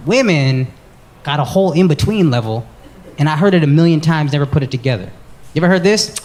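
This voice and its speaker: A man in his thirties doing stand-up comedy and crowd work, loud and animated, shouting his punchlines in put-on voices. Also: a little high, fast talker. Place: comedy club stage before a laughing crowd. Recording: roomy live club sound with loud crowd noise.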